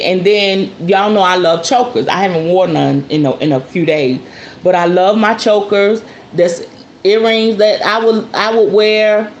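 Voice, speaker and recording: A woman host with a lowish voice chats casually with her viewers, calling them "y'all" while showing off an object. The lo-fi recording sounds roomy, with faint background noise.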